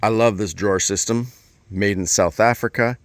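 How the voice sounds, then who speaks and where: A man's voice: fairly low pitch, moderate pace, noisy background. A man talking casually and enthusiastically about his vehicle in a rambling vlog walkaround. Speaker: vlogger.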